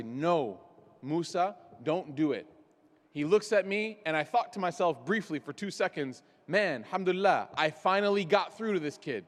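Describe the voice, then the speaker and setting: A man with a notably high voice preaches to a gathered audience, weaving personal stories and wry jokes at his own expense into his message. His words ring out with a long, lingering reverb from a large hall. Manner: storytelling with self-deprecating jokes. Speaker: speaker. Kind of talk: religious talk at a gathering.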